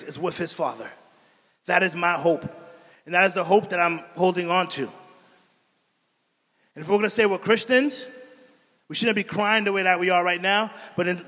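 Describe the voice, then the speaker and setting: A woman's voice: lowish voice, a bit bright, in a large hall. A man voicing his grieving mother as she speaks earnestly at her son's burial, firm and hopeful.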